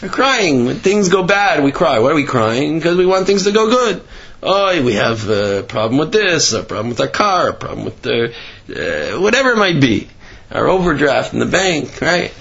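A man giving a Torah class sermon with animated storytelling, rising in pitch for emphasis. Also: moderate pace, gravelly, slightly rough, dull audio. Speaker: religious teacher.

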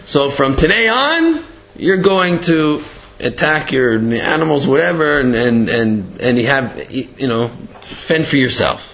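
A man's voice: medium pitch, sing-song, slow, fairly bright tone, a little hiss or hum. A man voicing a proud father lion who lectures his son insistently. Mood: stern. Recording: dull lo-fi recording.

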